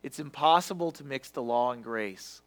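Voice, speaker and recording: A man preaching a sermon with passion, swinging from loud to hushed and sometimes stumbling over his words. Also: mid-range voice, moderate pace.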